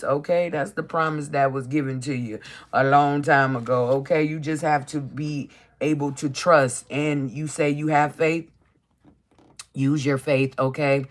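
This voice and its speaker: A card reader hosts a live stream in a loose, chatty way. Affirmations are read out slowly, then talked through with lots of encouragement, nearly every line ending in a questioning "okay?". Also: mid-range voice. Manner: reads affirmations aloud slowly, then riffs on them.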